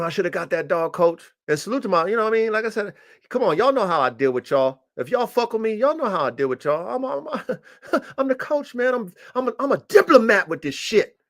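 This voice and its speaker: A man's voice: sing-song, fairly quick, a bit bright. Cocky dude bragging about his dogs on a stream, voice jumps way up when he gets hyped. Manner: boastful, swaggering and profane, pitch jumping up when hyped. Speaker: dog breeder hosting a livestream. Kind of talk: casual livestream monologue. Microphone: streaming mic.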